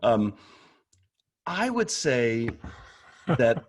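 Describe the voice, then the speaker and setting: A man's voice: medium pitch, big pitch swings, extremely slow, slightly rough. A man talking casually and candidly about prayer, often restarting words as he goes. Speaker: guest speaker on prayer. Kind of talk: casual conversational talk.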